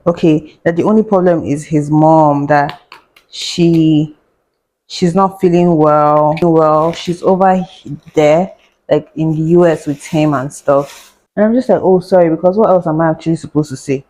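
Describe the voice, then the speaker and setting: A low-pitched, mellow female voice, a little slow, comes through a low-quality recording. The speaker is a young doctor and vlogger recounting a story as she cooks, sarcastic and chatty, laughing and mumbling to herself along the way.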